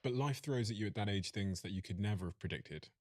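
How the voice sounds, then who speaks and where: A man interviewing a guest, asking calm, brief follow-up questions. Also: on the low side, quick pace, no room sound, studio quality.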